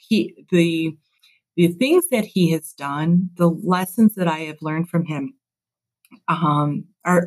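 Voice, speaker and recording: A woman's voice: lowish voice, darkish tone, low-quality recording. A woman in her fifties from Chicago, a construction executive telling stories in an interview, earnest and reflective, laughing at herself. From Chicago, USA. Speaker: construction executive, podcast guest. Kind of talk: casual interview storytelling.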